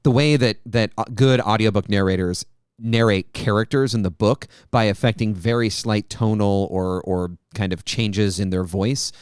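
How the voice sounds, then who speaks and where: A man's voice: lowish voice, steady tone, moderate pace, clear, resonant tone, no echo, studio quality. A man co-hosting a podcast, giving earnest advice on tabletop game voices and repeating words as he builds his point. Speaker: podcast co-host. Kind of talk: casual podcast discussion.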